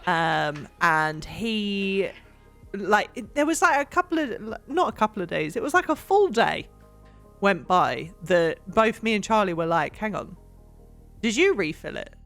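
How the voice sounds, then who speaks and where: A woman's voice: mid-range voice, animated, unhurried, a bit bright, soft background music. A young English woman streaming, chatting casually and rambling with lots of giggles while she cleans. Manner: bubbly and giggly, rambling with fillers.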